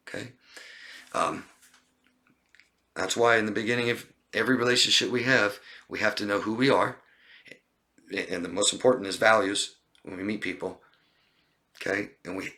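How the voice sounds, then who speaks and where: A man coaching on a live stream, reading viewer comments aloud and answering them in an emphatic, list-heavy way. His voice sits fairly low but has a bright, forceful edge, and he often checks in with "okay?". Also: vocal fry. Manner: emphatic, repeats lists of words and asks "okay?". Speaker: relationship coach.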